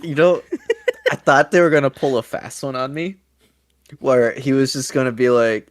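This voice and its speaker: A man's voice: medium pitch, normal speed, no echo, studio quality. A male podcast co-host chatting casually and telling rambling anecdotes with many restarts. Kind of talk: casual watchalong chat.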